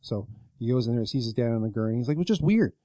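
A man talking fast in a mellow, dark tone, rambling through a long anecdote full of "like" and quoted lines. The sound is dry and close, like a small podcast studio. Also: medium pitch, level tone, no echo. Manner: rambling retelling with many likes and quoted voices. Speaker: podcast co-host. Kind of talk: casual storytelling chat.

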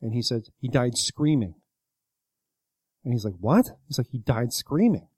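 Speaking at a normal speed in a mid-range voice with a darkish tone and breathy edge, this man rambles through a story on his podcast. He co-hosts the show, leans on fillers and "likes," and performs other people's lines in their voices, with no room sound on the recording.

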